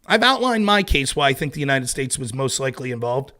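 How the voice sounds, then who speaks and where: A man's voice: mid-range voice, big pitch swings, fairly quick, bright, forceful tone. A man hosting a casual political commentary livestream, sarcastic and exasperated, mocking his opponents in put-on voices and swearing freely.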